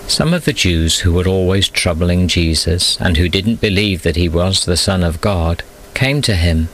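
A man with a low voice reads a children's Bible story aloud. His delivery is calm and measured, the steady pace of a storyteller. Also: a little hiss or hum, rough recording. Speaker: narrator.

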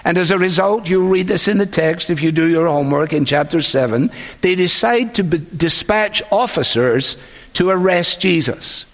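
A man's voice: high-pitched, fairly bright tone. Preaching man in a reverberant hall. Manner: earnest, measured preaching with quoted speech. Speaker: pastor. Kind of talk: sermon.

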